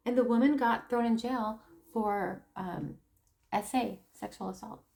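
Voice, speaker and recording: A woman talking casually to camera, telling a story in an animated way and often stopping to laugh and add asides. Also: a little high, unhurried, gravelly. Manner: animated storytelling, acting out quoted people. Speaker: tarot reader and spiritual coach. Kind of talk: casual opinion monologue.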